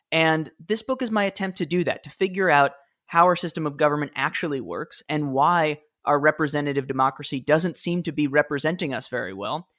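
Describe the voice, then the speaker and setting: A man in his thirties, a guest author and former speechwriter, telling anecdotes in an animated, self-deprecating way with quick restarts. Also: fairly high pitch. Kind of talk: conversational interview storytelling.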